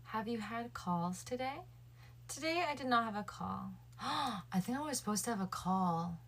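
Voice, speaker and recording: A woman's voice: fairly high pitch, lively intonation, moderate pace, a bit bright, a little hiss or hum. A woman livestreaming late at night, chatting casually with her viewers and thinking aloud. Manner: chatty, addresses her viewers and chat directly.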